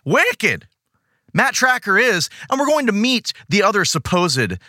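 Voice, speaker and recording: A man's voice: high voice, very animated, moderate pace, bright, forceful tone, no room sound. A man hosting a podcast in casual, jokey chat with theatrical asides, recorded close on a dry mic. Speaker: podcast host.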